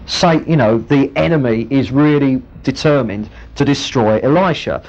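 A man preaching a sermon, retelling a Bible story with lively storytelling. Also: mid-range voice, normal speed. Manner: storytelling, animated, acts out the characters. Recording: muffled lo-fi recording.

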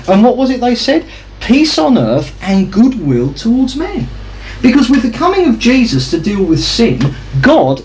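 A man's voice: high voice, darkish tone, rough recording. A man preaching a sermon, teaching carefully and asking his listeners questions as he goes. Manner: teaching, asks the audience questions.

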